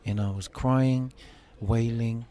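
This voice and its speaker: Slowly and steadily, a man in his fifties tells an interviewer a personal story in earnest, performing the dialogue himself. His mid-range voice carries a dark tone.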